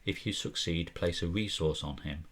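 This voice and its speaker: A man co-hosting a board game podcast, reading card rules aloud in a measured way. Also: low voice, a bit bright. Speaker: podcast co-host. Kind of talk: casual board game discussion.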